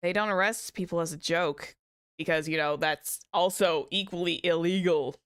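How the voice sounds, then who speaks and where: A woman's voice: fairly low pitch, moderate pace, clean tone. A woman streamer chatting casually as she plays, rambling, joking and swearing now and then. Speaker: VTuber streamer. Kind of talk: casual game commentary.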